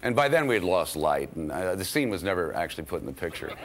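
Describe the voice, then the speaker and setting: A man's voice: deep voice, big pitch swings, quick pace, background noise. A man being interviewed about a film he acted in, telling an anecdote with chuckles. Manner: storytelling, chuckling. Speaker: actor recalling a film.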